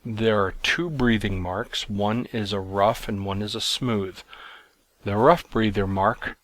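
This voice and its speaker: A man teaching a recorded lesson, explaining in a plain, measured way with some fillers and restarts. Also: fairly low pitch, steady tone, a bit bright. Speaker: Greek teacher.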